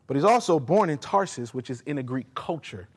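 A man's voice: a little high, lively intonation, a little fast, breathy edge. Emphatic male preacher in a reverberant hall. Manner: emphatic, addresses the congregation directly. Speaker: pastor. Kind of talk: sermon.

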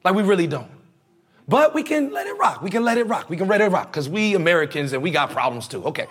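A man's voice: high voice, big pitch swings, fast, fairly bright tone. A male preacher giving a conversational, slangy sermon, leading the congregation in call-and-response.

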